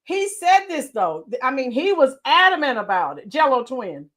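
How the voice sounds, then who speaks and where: A high-pitched middle-aged woman hosts a casual live stream and talks straight to her chat. She calls viewers by name and says what she thinks in a blunt, opinionated way. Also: sing-song, normal speed, fairly bright tone.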